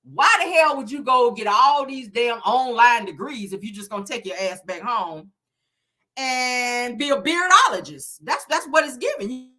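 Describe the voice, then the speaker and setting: A sassy woman, recapping a reality show in blunt, profane commentary. Her voice is bright and sits fairly high, and she tears into the people she talks about without holding back. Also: lively intonation, measured pace. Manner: sassy, blunt, cussing, slangy.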